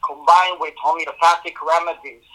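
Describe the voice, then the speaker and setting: A man, a doctor guest in a casual interview, speaking in halting, broken phrases with confident claims. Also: on the high side, fairly even intonation, sharp tone, poor audio.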